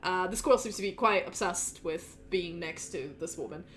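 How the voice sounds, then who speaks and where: A woman's voice: on the low side, normal speed, a bit bright, soft background music. A woman narrating as game master of a tabletop role-play, casual and giggly. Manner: casual, giggly, restarts often.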